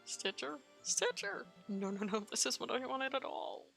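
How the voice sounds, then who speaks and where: A woman's voice: a little high, moderate pace, creaky, a bit bright, faint music behind. A woman voicing a shy, sensitive male spirit suitor in a game playthrough, earnest and apologetic. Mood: alarmed. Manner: earnest, apologetic, tearful pleading.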